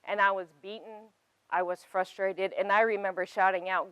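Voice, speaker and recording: A woman's voice: medium pitch, flat delivery, moderate pace, a bit bright, clean tone, no echo, low-quality recording. A woman in her thirties shares a personal testimony from a stage. She speaks earnestly and with emphasis, rising to passionate peaks, and her voice sounds dry and close to the mic.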